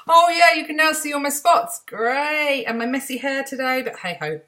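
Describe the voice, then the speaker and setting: A woman's voice: high voice, normal speed, bright, forceful tone. A middle-aged English woman vlogging from home, telling anecdotes in a chatty, self-mocking way and acting out the voices of people she met. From England. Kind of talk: casual storytelling to camera. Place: room at home.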